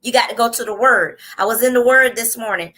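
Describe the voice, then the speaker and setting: A woman hosts a live online show in a fervent, preaching-style motivational delivery. Her voice sits high and sounds bright and forceful. She drives her points home with repeated phrases and calls out to her listeners. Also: fairly quick. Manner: fervent, repetitive, with call-outs to the audience. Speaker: host and coach.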